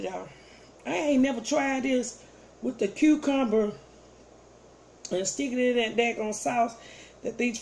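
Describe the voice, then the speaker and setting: A woman's voice: fairly high pitch, vocal fry, a little mellow, a little hiss or hum. A woman chatting casually with her viewers while eating on camera, playful and savoring each bite. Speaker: mukbang vlogger. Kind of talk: casual eating vlog chat.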